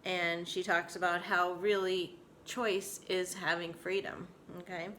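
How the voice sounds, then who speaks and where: A woman in her forties talks openly to the camera at home in a casual vlog. Her voice sits a bit low but sounds bright and crisp, and her manner is candid and emotional. A faint hiss sits behind her. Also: flat delivery, measured pace. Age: 40s. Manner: candid, emotional, laughing often. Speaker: vlogger. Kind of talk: casual personal vlog talk.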